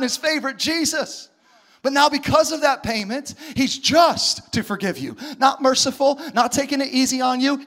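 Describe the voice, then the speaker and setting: A man preaches a sermon with a strikingly high-pitched voice. He is animated and acts out the voices of the people he quotes. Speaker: pastor.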